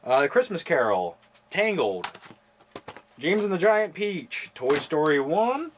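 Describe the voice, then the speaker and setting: Young male host, casual wisecracking chat, lively pitch, audible hiss. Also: takes it slowly. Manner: wisecracking, offhand, swears casually. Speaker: video host reviewing his movie collection. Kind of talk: casual chat with jokes and impressions. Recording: noisy home recording.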